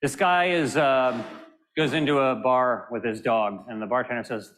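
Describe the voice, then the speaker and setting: A man's voice: moderate pace, a little hiss or hum. Joking man telling stand-up style jokes. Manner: playful, drops low and quiet for punchline setups. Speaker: panelist filling time with jokes. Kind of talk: stand-up joke telling at a panel.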